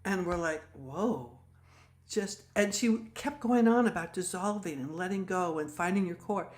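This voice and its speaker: An older woman giving a talk, telling personal stories with lively, acted-out dialogue. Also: fairly low pitch, normal speed. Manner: animated, acts out dialogue in stories. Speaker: speaker. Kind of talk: storytelling talk.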